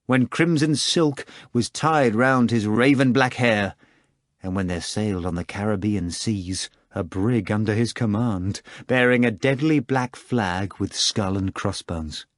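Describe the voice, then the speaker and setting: A man narrating an audiobook in a dramatic, theatrical style that swings between hushed low passages and loud outbursts. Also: measured pace, no room sound, clean studio sound. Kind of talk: scripted narration.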